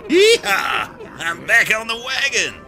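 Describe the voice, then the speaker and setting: Dude doing a hollering cowboy snowman, bouncy pitch, game music. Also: huge pitch swings, slow pace, vocal fry, sharp tone, exaggerated voice. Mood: hearty. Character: hearty male cowboy snowman.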